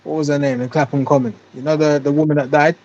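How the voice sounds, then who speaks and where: A man's voice: on the high side, level tone, fast talker, darkish tone, dull audio. A man in casual chat who swears freely and talks in a streetwise way.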